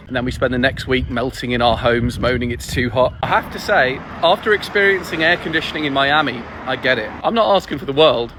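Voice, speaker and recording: A man's voice: fairly high pitch, expressive, fairly quick, few pauses, background noise. A man from Britain talking in a wry, dryly humorous vlog. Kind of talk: casual vlog.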